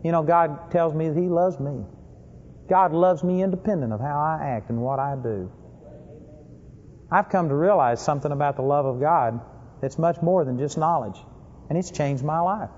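A man delivering a sermon with a fairly high voice that punches key words and then drops low. The recording is dull and lo-fi, with a long reverb trailing off as if in a large hall. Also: moderate pace. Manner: emphatic, swings between loud stress and low asides. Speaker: preacher.

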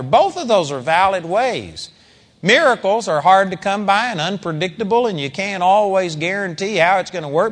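A man's voice: high-pitched, a bit bright, long reverb tail. A man preaching a sermon in a conversational style with dramatic emphasis.

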